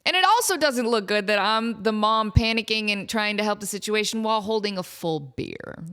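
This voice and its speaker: A woman in her thirties hosting a podcast, telling a comic family story in an animated way and acting out the people in it. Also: mid-range voice, normal speed, smooth. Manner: animated, often laughing, acts out the people in her stories. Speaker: podcast host.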